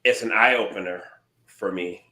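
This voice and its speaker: A man co-hosting a podcast, talking in an earnest, measured and thoughtful way in casual chat. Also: on the low side, sharp tone. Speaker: podcast co-host. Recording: roomy echo.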